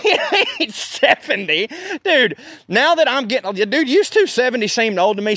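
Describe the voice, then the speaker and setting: Animated man, high voice, profane. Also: no echo. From American South. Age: 30s. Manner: profane, animated storytelling with laughs. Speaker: podcast host. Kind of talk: casual storytelling rant.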